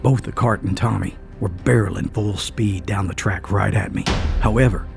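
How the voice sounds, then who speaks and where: A man's voice: on the low side, gravelly. A man narrating a first-person story in an earnest, dramatic way.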